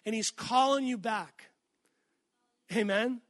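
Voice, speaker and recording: A man's voice: extremely high pitch, slow, a bit bright, no room sound. A man preaching an earnest, emphatic sermon, calling out to the congregation for amens.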